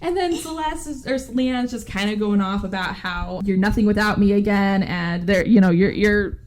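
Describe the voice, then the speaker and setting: Over background noise, a woman podcast host with a medium-pitched voice gives a casual movie recap. She talks fast and chatty, saying "like" and "right?" a lot.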